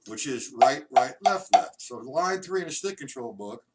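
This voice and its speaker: A man with a mid-range, expressive voice teaches a drum lesson over a live stream, counting beats aloud slowly and patiently, demonstrating rhythms and explaining each exercise. The mic is distant and there's loud noise.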